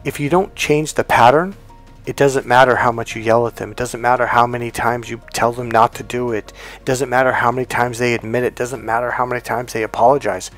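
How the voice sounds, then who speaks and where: A man's voice: medium pitch, steady tone, brisk, a bit bright. Man coaching casually over faint music. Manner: conversational, acts out quoted dialogue. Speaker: life coach. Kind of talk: casual teaching monologue.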